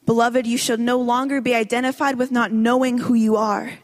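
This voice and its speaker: A woman performing a spoken word poem with a slow, dramatic and intense delivery. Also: on the high side, little pitch movement. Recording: long hall reverb.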